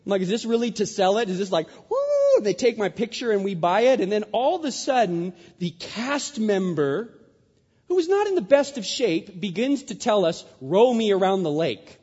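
A man's voice: normal speed, slightly rough. A man preaching a sermon, telling a story and acting out the lines he quotes with big jumps in his voice. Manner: animated, acts out quotes with big pitch jumps. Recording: dull sound in a large hall.

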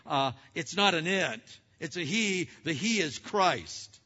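A male preacher delivering an emphatic sermon, swinging from loud exhortation to hushed asides. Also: on the high side, animated, slow. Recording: dull sound with long hall reverb.

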